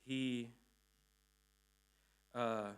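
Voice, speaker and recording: A man's voice: mid-range voice, fairly even intonation, extremely slow, clean tone. A man giving a sermon, recounting a speech in a conversational way, full of restarts and tag questions. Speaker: preacher. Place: church hall.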